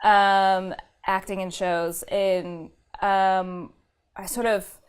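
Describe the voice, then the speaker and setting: A woman with a middle-pitched voice talks through her work as a theater director in an interview. She answers thoughtfully, with some fillers, and laughs easily. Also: level tone, very slow, clean tone. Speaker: theater company founder and director.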